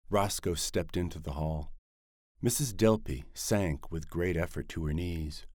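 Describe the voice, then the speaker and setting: Deep-voiced man narrating an audiobook. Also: unhurried, darkish tone, dry recording, studio quality.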